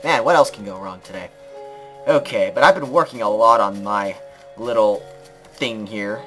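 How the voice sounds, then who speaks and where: A young man hosting a let's-play video, chatting casually about his build and sometimes breaking into squeaky shouts at the game. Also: normal speed, soft background music. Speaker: gaming channel host.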